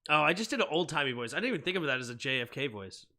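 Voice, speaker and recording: Man, young adult, live football play-by-play, excitable, bright sharp tone, casual chat. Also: on the high side, rapid-fire. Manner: excitable, rises to shouting on big plays. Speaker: sports stream host and play-by-play caller.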